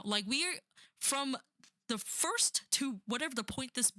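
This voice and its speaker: A woman's voice: high-pitched, expressive, measured pace, bright, forceful tone, dry recording, clean studio sound. A young woman rambling sarcastically through a book review, full of "like" and "um". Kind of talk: casual rant about a book.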